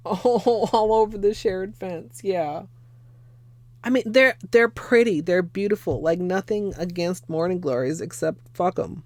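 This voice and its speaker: In a medium-pitched voice with no echo, a young woman chats at a measured pace on a livestream while doing her nails. She's profane and talkative, laughs often, and thanks viewers.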